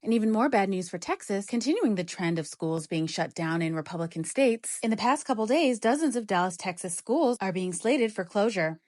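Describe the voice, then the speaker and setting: A woman's voice: medium pitch, expressive, a little fast, hardly any pauses, a little mellow, no room sound, studio quality. A woman giving sarcastic, pointed news commentary.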